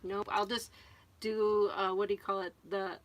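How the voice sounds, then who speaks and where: A middle-aged woman from Connecticut chatting on a live show at an ordinary, mid-range pitch. She talks casually and easily, reading out viewer comments and laughing often. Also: flat delivery, moderate pace.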